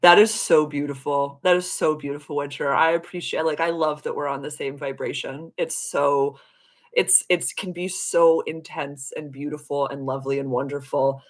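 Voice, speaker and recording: A woman hosting a live stream as a spiritual coach, telling a story in an animated, giggly way and answering viewer comments. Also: deep voice, moderate pace. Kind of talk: casual live-stream chat.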